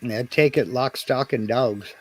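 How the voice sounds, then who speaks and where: A man's voice: medium pitch, a little slow. A man chatting casually as a guest on a live stream, wry and talkative. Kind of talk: casual chat.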